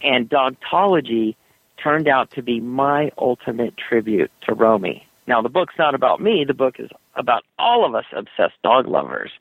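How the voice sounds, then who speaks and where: A man being interviewed as an author, telling stories with frequent laughs and lively shifts in tone. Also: moderate pace, creaky, slightly rough, no echo. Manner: animated storyteller, laughs often, puts on high doggy voices. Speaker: author guest. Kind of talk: interview over the phone. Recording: tinny phone line.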